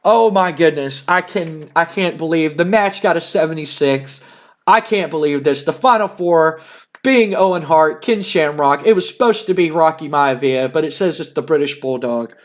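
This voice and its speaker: A man hosting a let's play of a wrestling sim, narrating with excitable, stammering disbelief. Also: a little high, moderate pace.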